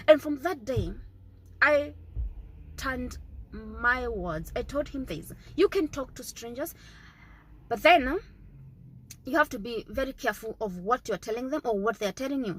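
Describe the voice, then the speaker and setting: This parenting vlogger, a mother in her thirties, has a high voice with a breathy edge, heard on a rough recording. She addresses the camera casually, repeating earnest advice and often asking "okay?".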